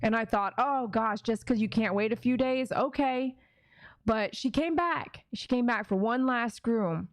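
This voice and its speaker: A woman's voice: mid-range voice, no echo. A woman who works as a dog groomer, hosting a casual livestream chat in a rambling, chatty way with many asides. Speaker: dog groomer and channel host.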